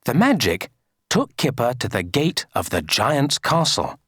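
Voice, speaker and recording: A woman reading a children's story aloud for an English lesson, slow and sing-song. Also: a bass voice, very animated, fairly bright tone, breathy edge, no room sound, clean studio sound.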